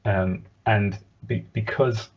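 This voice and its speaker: A man's voice: fairly low pitch, fairly even intonation, slow. A man co-hosting a podcast, chatting casually with a rambling, hesitant manner full of fillers. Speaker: podcast co-host. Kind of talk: casual chat reviewing a cartoon. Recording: dull lo-fi podcast audio.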